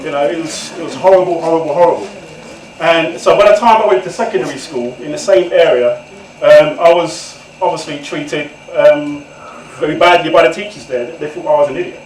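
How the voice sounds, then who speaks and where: A man's voice: fairly high pitch, brisk, slight background noise. A man in his forties telling his life story to an audience, candid and conversational, often turning to the listeners directly. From England. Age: 40s. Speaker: guest author speaker. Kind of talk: personal storytelling talk to an audience. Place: event room with an audience. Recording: echoey room, far from the mic.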